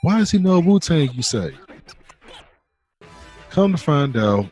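A man's voice: on the high side, big pitch swings, takes it slowly, darkish tone, soft background music. A man co-hosting a podcast, recapping a video game's story in a loose, profane, joking way. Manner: loose and profane, acting out characters' lines. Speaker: podcast co-host retelling a game's story mode. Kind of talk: casual chat, storytelling recap.

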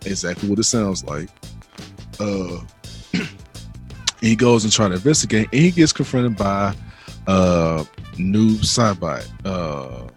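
Low-voiced man casually recapping a story. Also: expressive, takes it slowly, pauses often, faint music behind. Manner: loose and profane, acting out characters' lines. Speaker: podcast co-host retelling a game's story mode.

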